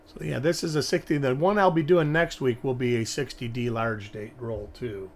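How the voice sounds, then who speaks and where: A man's voice: medium pitch, fairly even intonation, moderate pace, a little hiss or hum. A male host giving casual live-stream commentary, thinking aloud and rambling as he examines coins. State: hiccups.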